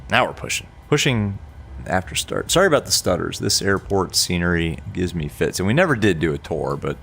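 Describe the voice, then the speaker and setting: A man with a croaky, sick-sounding voice chatting casually on a flight sim stream, laughing often as he talks through cockpit checks. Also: sits low, animated, brisk, fairly bright tone, a little hiss or hum. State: sick, hoarse. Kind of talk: casual live-stream chat.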